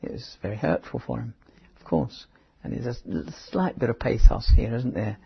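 A man preaching a conversational Bible teaching, halting, with restarts and asides. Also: medium pitch, animated. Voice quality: very husky. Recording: dull lo-fi sermon recording.

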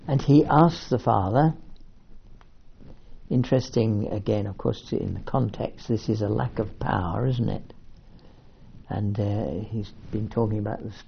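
A man's voice: lowish voice, a little slow, creaky, slightly rough. A man giving a sermon-style bible teaching, reading verses aloud and commenting on them with fillers and asides. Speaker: preacher. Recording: muffled lo-fi recording.

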